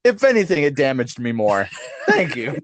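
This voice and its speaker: A man's voice: medium pitch, huge pitch swings, normal speed. A man co-hosting a casual chat podcast. He rambles, mocks himself and laughs easily. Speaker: podcast co-host.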